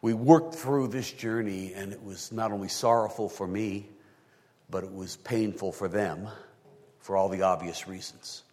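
A male pastor delivering a sermon, talking through scripture and often rising into high, emphatic bursts. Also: long reverb tail.

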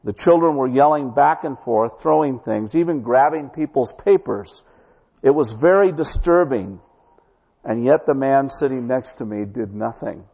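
A man preaching a sermon in church, telling a story and slowing down to stress key words. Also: medium pitch, vocal fry, mellow, husky, big-room sound. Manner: storytelling preacher, slows for emphasis. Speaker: pastor.

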